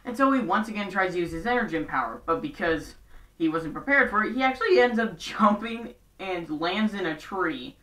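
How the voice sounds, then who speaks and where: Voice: medium pitch, animated, normal speed, bright, forceful tone. A casual show recap vlogger, chatty and throwing in sarcastic asides. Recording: roomy echo, distant from mic.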